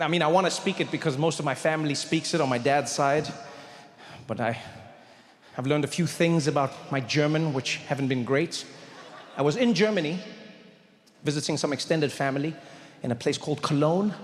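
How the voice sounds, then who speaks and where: High-voiced man telling stand-up stories. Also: in a large hall. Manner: animated, acts out characters. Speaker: comedian. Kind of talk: stand-up storytelling.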